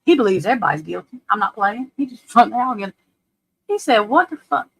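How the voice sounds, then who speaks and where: A woman hosting a live stream, giving casual true crime commentary in a blunt, profane, animated way and often laughing. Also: mid-range voice, a little fast, creaky, slightly rough, rough recording. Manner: laughs often while telling stories. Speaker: livestream host. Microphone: webcam or desk mic on a live stream.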